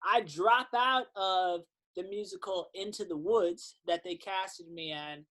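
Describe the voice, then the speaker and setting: Man, 30s, podcast guest, lively storyteller who voices everyone he quotes. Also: high voice, takes it slowly. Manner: animated storyteller, acts out quotes, swears casually. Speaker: podcast guest, singer-songwriter. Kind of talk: casual storytelling interview.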